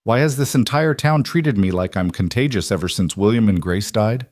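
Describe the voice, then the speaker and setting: A man's voice: lowish voice, lively intonation, normal speed, darkish tone, dry recording, studio quality. A man voicing a grieving widow who speaks firmly and pleads, raising her voice. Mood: firm, hurt. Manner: raised voice, pleading then defiant. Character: grieving widow, proud and firm.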